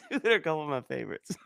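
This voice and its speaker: A man's voice: a little high, gravelly, fairly bright tone, slight background noise. A man hosting a casual conversation who tells stories with lots of laughter and acts out the people he quotes in raised voices. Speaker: podcast host.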